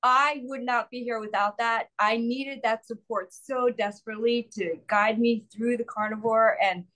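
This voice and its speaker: A woman guest in an interview, speaking earnestly and a little haltingly. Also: on the high side, fairly even intonation, fairly bright tone, low-quality recording. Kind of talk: casual interview chat.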